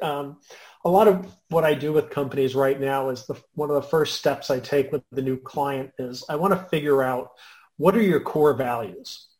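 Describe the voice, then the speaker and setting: A man hosting a conversation, telling a workplace story in a lively, conversational way. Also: fairly high pitch, poor audio. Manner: lively storyteller, shifts loudness often. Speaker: podcast host and business consultant.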